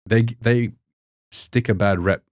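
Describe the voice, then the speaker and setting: Low-voiced man chatting with many restarts. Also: fairly even intonation, slow pace, no room sound, studio quality. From Lebanon. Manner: rambling, full of "like" and restarts. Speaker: podcast guest. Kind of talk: casual conversation.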